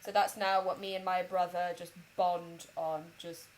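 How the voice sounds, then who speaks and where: A woman's voice: fairly low pitch, moderate pace, a little hiss or hum, low-quality recording. Brief: young woman, casual sweary podcast chat, lots of impressions. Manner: swearing storyteller, animated impressions, many likes. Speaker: podcast co-host.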